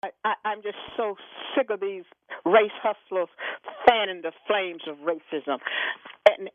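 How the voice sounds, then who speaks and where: A woman's voice: medium pitch, a little slow, no echo. Indignant woman calling in by phone. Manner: impassioned, indignant, stammers on repeated words. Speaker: caller. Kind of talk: call-in talk radio. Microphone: telephone. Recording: tinny phone line.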